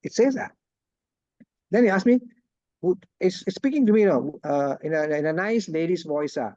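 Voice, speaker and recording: A chatty man teaches an online class in a casual way. His voice sits a little high but sounds mellow. The sound is dull and lo-fi, like a video call. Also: animated, moderate pace, no echo. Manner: chatty, laughs often, asks "right?". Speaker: lecturer.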